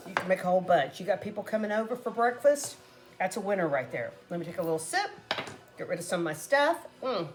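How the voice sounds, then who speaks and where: A woman casually chatting to viewers while cooking at home, talking to them as "guys" and laughing often. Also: mid-range voice. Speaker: cooking vlogger. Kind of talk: casual cooking chat to camera.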